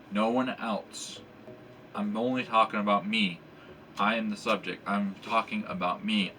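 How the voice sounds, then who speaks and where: A man's voice: on the low side, bright, forceful tone, a little hiss or hum. A man teaching a language lesson in a casual, rambling way, with many fillers and restarts.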